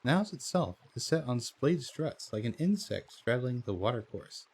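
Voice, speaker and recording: A man's voice: medium pitch, very animated, moderate pace, a little mellow, husky. A man playing a text adventure game, reading the story aloud and chatting about his choices. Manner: reads story text, then chats about choices with fillers and laughs. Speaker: game streamer.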